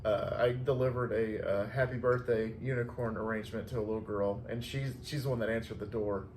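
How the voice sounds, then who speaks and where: A man's voice: lowish voice, fairly even intonation, a little fast, a little mellow, roomy sound, a little hiss or hum. A man, a flower delivery driver, casually telling stories from his day, chatty and laughing often. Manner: chatty, laughs often, acts out quoted voices. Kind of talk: casual storytelling chat.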